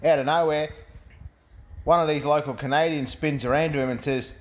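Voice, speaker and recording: An Australian man, a mechanic, telling a crude joke in a recorded message, rough and cheerful. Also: a little high, steady tone, fairly quick. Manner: rough, cheery, swears freely.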